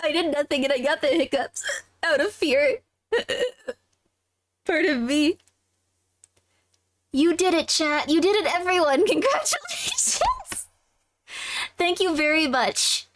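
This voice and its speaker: This young woman's high voice comes unhurried, with long pauses and a little hiss or hum in the recording. Livestreaming a game, she's giggly and chatty, talking to her chat in casual gameplay banter.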